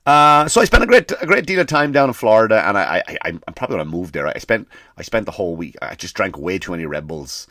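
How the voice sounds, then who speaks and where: A man hosting a comedy podcast, ranting casually with lots of swearing and animated storytelling. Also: lowish voice, fast, no room sound, clean studio sound.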